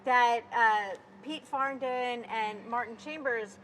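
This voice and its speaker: A woman's voice: fairly high pitch, slow pace, fairly bright tone, slight background noise, poor audio. A woman in casual chat about music, rambling with lots of fillers and restarts. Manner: rambling, filler-heavy with many "like"s. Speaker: podcast co-host.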